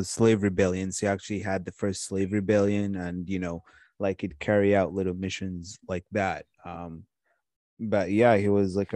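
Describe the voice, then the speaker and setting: A man's voice: low voice, warm tone, no room sound. A man from Watertown co-hosting a podcast, talking casually and rambling, with lots of fillers and restarts. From Watertown, Massachusetts. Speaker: podcast co-host. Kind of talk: casual chat.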